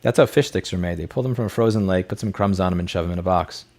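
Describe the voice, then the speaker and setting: A man with a somewhat low voice hosts a casual livestream Q&A. He reads chat messages aloud and answers them in a blunt, off-the-cuff way, swearing freely. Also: fast talker, darkish tone.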